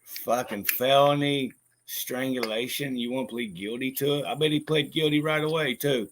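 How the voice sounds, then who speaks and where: A man's voice: mid-range voice, normal speed, fairly bright tone, a little hiss or hum. A man vlogging in casual chat, rambling, swearing freely and laughing often. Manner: profane, laughs a lot, rambling.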